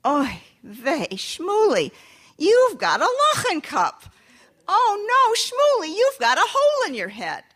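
Brief: woman playing a high, loud scolding mother, exasperated, in a spoken folktale. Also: huge pitch swings, moderate pace, pauses often. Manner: scolding, exclaiming. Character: exasperated doting mother of a poor boy.

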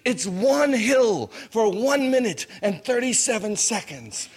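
A man telling a personal story with drama, dropping to hushed asides and rising to shouts, laughing through lines. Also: sits high, very animated, takes it slowly, husky.

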